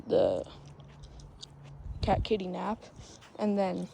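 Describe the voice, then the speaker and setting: A woman's voice: on the low side, sing-song, slow, vocal fry, dark tone, a little hiss or hum, low-quality recording. A woman rambling casually through a story, restarting often and acting out the quotes. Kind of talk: casual plot retelling.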